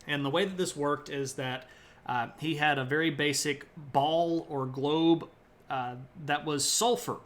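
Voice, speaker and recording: Joking, slightly high-voiced male history streamer. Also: fairly even intonation, unhurried, fairly bright tone. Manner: chatty and joking, greets chat viewers mid-talk; loose and rambling with many fillers. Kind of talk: casual live-stream history lecture.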